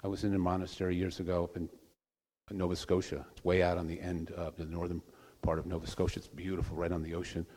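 A man giving an informal sermon, telling stories in a conversational way with soft trailing asides. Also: low-pitched, little pitch movement, fast talker, slightly rough, long reverb tail. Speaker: preacher.

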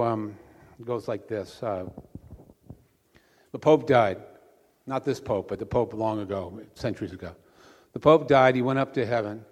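A man preaching as pastor, a relaxed conversational storyteller. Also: lowish voice. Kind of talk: sermon with a joke. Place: church sanctuary. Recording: long church reverb.

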